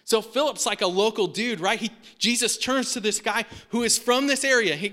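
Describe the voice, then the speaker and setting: A man's voice: sits high, moderate pace, pushed and bright. A man preaching a sermon in a casual, chatty way, often asking "right?". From United States. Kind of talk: conversational sermon.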